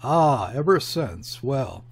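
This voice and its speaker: A man's voice: mid-range voice, big pitch swings, slow, gravelly, slightly rough, heavily acted. A man voicing a mocking, condescending male embassy secretary who speaks sharply and grimly in an audiobook reading. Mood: scornful. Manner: sharp, grim, sneering.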